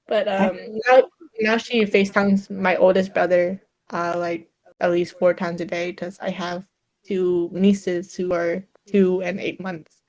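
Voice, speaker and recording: A woman's voice: fairly low pitch, level tone, slow. A young woman in casual podcast chat, telling stories with a lot of laughter and quoted back-and-forth. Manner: chatty storyteller, laughs often, quotes her mom. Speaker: podcast co-host.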